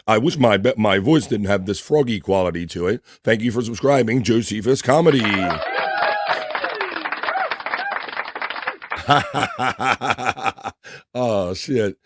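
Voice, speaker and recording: A man's voice: lowish voice, animated, a little fast, few pauses, crowd noise, noisy background. A man hosting a casual livestream, reading viewers' messages aloud and greeting them by name in a loose, profane way. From East Coast of the United States. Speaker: livestream host reading chat.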